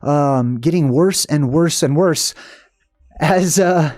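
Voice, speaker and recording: A man's voice: a little high, takes it slowly, a little mellow, no echo, clean studio sound, faint music behind. A man hosting his own channel, explaining lore in a casual livestream lecture, rambling with many "um"s and asking "right?" to check in. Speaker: channel host.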